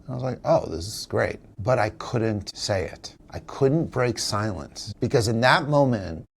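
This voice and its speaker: A man's voice: medium pitch, expressive, moderate pace, slightly rough. A man in an interview, telling a personal story in an earnest, reflective, emotional way. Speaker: actor, interview guest; father and teacher. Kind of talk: candid conversational storytelling.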